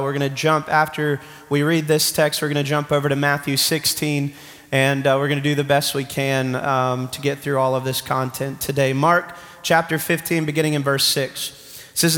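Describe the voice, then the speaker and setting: A man preaching a sermon, reading scripture and building to shouted emphasis. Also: fairly high pitch, little pitch movement, normal speed. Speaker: pastor. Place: large church hall. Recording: church hall reverb.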